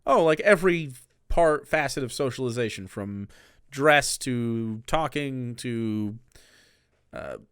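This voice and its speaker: Smooth-voiced sarcastic male streamer. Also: mid-range voice, slow pace, dry recording, studio quality. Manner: sarcastic, rambling, animated. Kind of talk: casual live-stream commentary.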